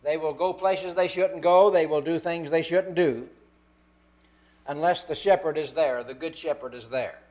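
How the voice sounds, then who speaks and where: A man preaching a sermon, stressing key words slowly. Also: a little high, a little mellow.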